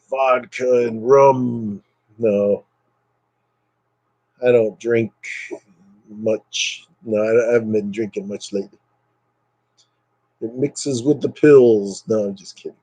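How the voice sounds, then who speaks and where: A man's voice: mid-range voice, warm tone, breathy edge, dry recording, low-quality recording. A man chatting casually with live viewers over a webcam at home, joking and sarcastic, rambling from topic to topic. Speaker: live streamer.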